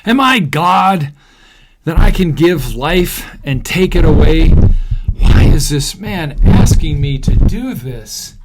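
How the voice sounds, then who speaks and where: A man voicing a dismayed, frightened king who speaks slowly and in alarm while reading a Bible story aloud. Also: fairly high pitch, big pitch swings, heavy background noise, voice pushed up. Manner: alarmed, slow, raised voice.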